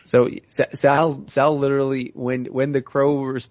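A man's voice: medium pitch, little pitch movement, measured pace, darkish tone, dry recording. A man playing a tabletop game, describing his character's actions in a matter-of-fact way. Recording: dull, dry lo-fi recording.

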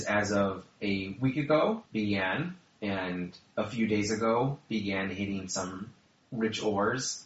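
Low-voiced man narrating a game. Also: fairly bright tone, echoey room, dull audio. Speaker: game master.

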